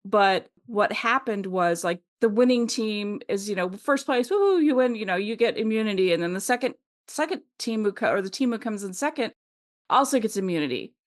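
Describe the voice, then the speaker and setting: A woman's voice: mid-range voice, lively intonation, a little fast. A middle-aged woman co-hosting a podcast, chatting casually and rambling with lots of fillers and laughter. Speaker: podcast co-host. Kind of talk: casual chat.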